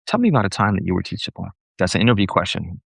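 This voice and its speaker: A man's voice: low-pitched, big pitch swings, very fast, gravelly, a bit bright, breathy edge, no echo. A man coaching church leaders on a live stream, blunt and sarcastic, rambling and correcting himself as he goes.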